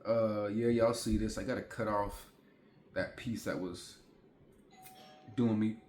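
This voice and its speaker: Soft background music plays as a vlogger in his forties, at home indoors, tells a chatty story to the camera, repeating himself and speaking directly to viewers. His lowish voice is steady and a little mellow at a measured pace, in an echoey room.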